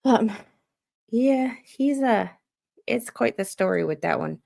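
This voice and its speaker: A woman's voice: a little high, animated, takes it slowly, vocal fry, darkish tone. A woman hosting a show, rambling in an unfiltered, exasperated rant and swearing freely. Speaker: podcast host.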